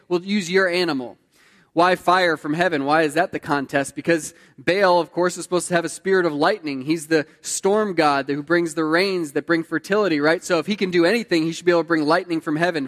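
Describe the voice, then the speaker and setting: Preacher, male, slightly high voice, reads scripture then comments casually, hall reverb. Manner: reads aloud then explains conversationally. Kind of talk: sermon reading scripture with commentary.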